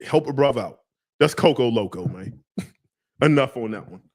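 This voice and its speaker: Male fragrance reviewer, loose slangy delivery, jokey tangents, middle pitch. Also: animated, a little slow, husky. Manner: slangy, joking, rambling. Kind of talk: casual live review.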